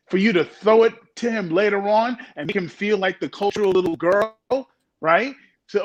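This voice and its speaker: A man with a notably high voice reacts emphatically on a men's talk panel. He punches his points with animated exclamations and repeats lines for effect. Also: normal speed, lo-fi sound. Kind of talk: casual conversational talk.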